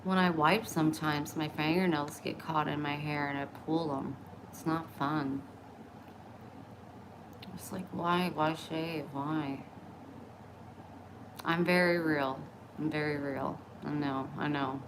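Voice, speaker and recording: A woman's voice: low voice, fairly even intonation, takes it slowly, background noise. A middle-aged woman talking bluntly and openly in a casual vlog, oversharing about her personal life. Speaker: vlogger. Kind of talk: candid casual chat.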